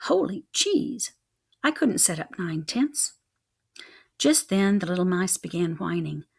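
A young adult woman reading a children's chapter book aloud in an expressive, rhythmic way. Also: on the low side, unhurried, vocal fry, slightly rough. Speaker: reader.

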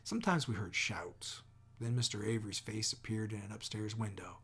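Gravelly male audiobook narrator. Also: fairly low pitch, fairly bright tone. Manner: measured reading, dropping often into near whispers. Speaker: audiobook reader.

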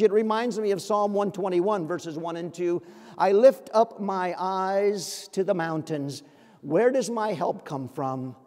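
A man preaching in a church sanctuary, his voice pitched high for a man. He speaks earnestly and keeps asking his congregation pointed questions. A long reverb trails each phrase. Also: a little mellow. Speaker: pastor. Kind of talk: sermon.

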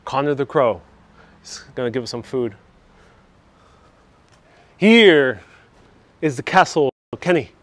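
A man's voice: mid-range voice, lively intonation, slow pace, long pauses, a bit bright, no echo. A man hosting a live travel stream outdoors, chatting and joking as he answers viewer comments, on a clip-on mic. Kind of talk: casual live-stream chat while walking. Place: outdoors on town streets. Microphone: wireless clip-on mic.

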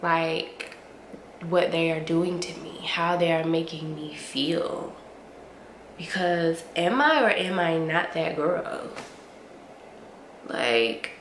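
A woman, gushing playfully to camera in a casual haul review, a bit sniffly from allergies. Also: on the low side. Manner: gushing, playful, drawn-out hums and slangy asides. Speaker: beauty and fashion vlogger. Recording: roomy echo with faint ambient noise.

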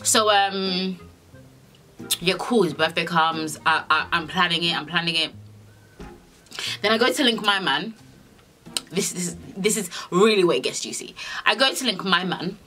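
A young woman telling a storytime vlog in a sassy, animated way, swearing a lot and acting out the dialogue. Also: on the low side, unhurried, long pauses, faint music behind. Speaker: vlogger.

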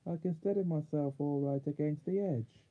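A man's voice: fairly high pitch, moderate pace, lightly acted. A man voicing a brave, determined schoolgirl calling out eagerly in a storybook reading. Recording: narrow phone-like sound.

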